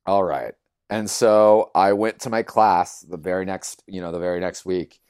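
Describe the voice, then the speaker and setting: A man, a yoga teacher, telling his own story in conversation, earnest and animated, acting out the voices he quotes and leaning on lots of fillers. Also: sits low, moderate pace, clean tone, dry recording, studio quality.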